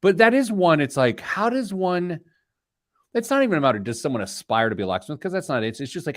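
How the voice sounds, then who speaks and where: A man's voice: a little high, fairly quick, no echo, studio quality. A man hosting a talk show, telling stories and joking in casual banter. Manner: animated joking storyteller. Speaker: host.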